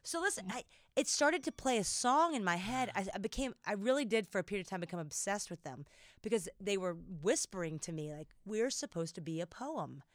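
A woman poet guest talking casually on a podcast, telling stories in an animated way and laughing easily. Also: mid-range voice, a little fast, dry recording, clean studio sound. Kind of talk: casual conversation with poetry reading.

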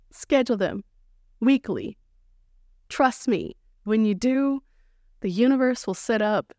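A woman's voice: mid-range voice, clean tone, no echo, clean studio sound. A woman hosting a solo podcast, talking straight to her listeners in a playful, upbeat, coaching way and enjoying corny jokes. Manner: coaching, encouraging listeners directly. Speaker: podcast host. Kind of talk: solo motivational podcast monologue.

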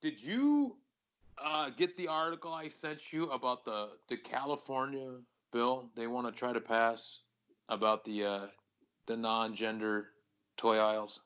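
A man's voice: medium pitch, unhurried, a bit bright, smooth, lo-fi sound. A man co-hosting a podcast, ranting in casual chat with lots of swearing. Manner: profane, ranting, worked up. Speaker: podcast co-host.

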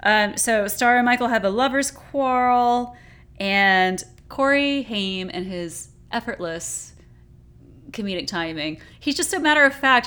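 A woman's voice: a little high, a little slow. Chatty woman recapping a movie. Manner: animated, laughs often, says "like" a lot. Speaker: podcast co-host. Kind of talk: casual movie recap chat.

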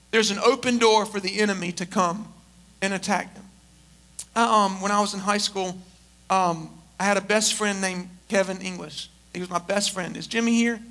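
High, bright-voiced male preacher. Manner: emphatic preaching with humorous storytelling asides. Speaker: pastor. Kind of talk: sermon. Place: church service.

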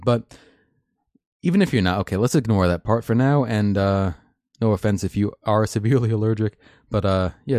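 A man's voice: on the low side, dark tone, no echo, clean studio sound. A man hosting a live stream, reading news articles and commenting in a chatty, opinionated way with many fillers and restarts. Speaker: host.

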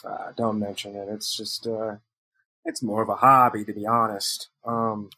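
Low-voiced, husky man playing a tabletop game, hesitant. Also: little pitch movement, unhurried, no echo, rough recording. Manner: hesitant, soft-spoken, with many fillers. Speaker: player.

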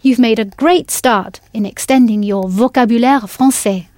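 A woman's voice: fairly high pitch, normal speed, darkish tone, no room sound, studio quality. A woman teaching a language in a scripted audio lesson, patient and encouraging, spelling words out letter by letter.

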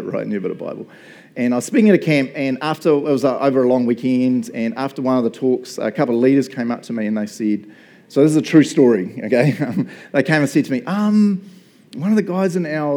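A man in his fifties delivers a relaxed, storytelling sermon as a pastor, talking to the congregation like friends and breaking into laughs. His voice sits at an ordinary pitch with a soft, mellow tone. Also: poor audio. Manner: casual and chatty, laughs often, says "right?" and "bro".

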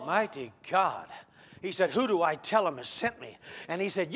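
A high-voiced man delivering a sermon. He swings from hushed, measured lines to loud, shouted peaks. He acts out the voices of the figures he quotes. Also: lively intonation. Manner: dramatic, swinging from soft to shouting. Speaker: preacher.

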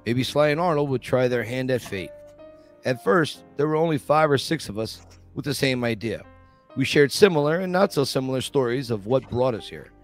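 A man's voice: medium pitch, expressive, moderate pace, soft background music. A man reading a first-person memoir chapter aloud as a podcast host, with light laughs now and then.

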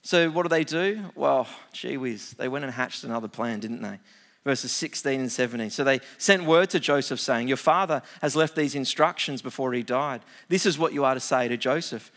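A middle-aged man, preaching a sermon, reading scripture aloud and explaining it with animated asides. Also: mid-range voice, moderate pace. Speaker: pastor.

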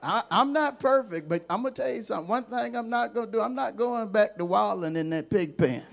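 Male bishop, high gravelly voice, fiery call-and-response sermon. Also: expressive, a little fast. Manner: fiery call-and-response preaching, swinging from hushed to shouting. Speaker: bishop preaching.

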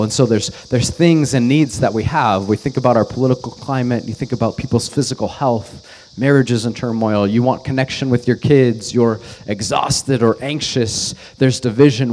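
A man's voice: mid-range voice, darkish tone, a little hiss or hum. A man in his thirties, a pastor, delivering a sermon as an earnest, conversational story.

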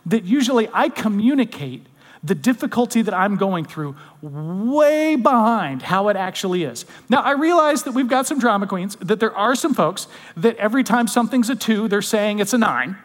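A man preaching a conversational sermon, often dropping to soft, intimate tones. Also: high-pitched, lively intonation, moderate pace, in a large hall. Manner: conversational, drops to soft intimate tones when quoting comfort. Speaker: pastor.

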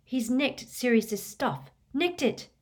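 A woman's voice: mid-range voice, lively intonation, measured pace, breathy edge, pitched above the performer's own voice. A woman voicing an angry teenage boy wizard who talks tensely. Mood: furious.

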